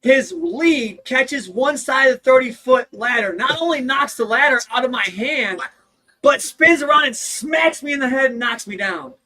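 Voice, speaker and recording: Young man with a very high, bright voice. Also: expressive, normal speed. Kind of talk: casual storytelling chat.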